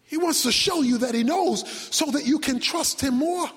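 A man preaching a sermon with dramatic delivery, shouting one moment and dropping low the next. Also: moderate pace. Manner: dramatic, shouting, sudden drops to near whisper. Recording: long hall reverb.

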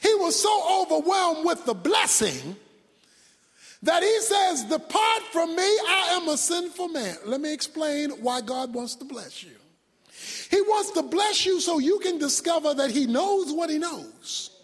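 A man preaching a sermon as pastor, swinging from loud shouts down to near-whispers. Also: extremely high pitch, sing-song, measured pace. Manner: preaching with sudden shouts and drops to a hush. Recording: long hall reverb.

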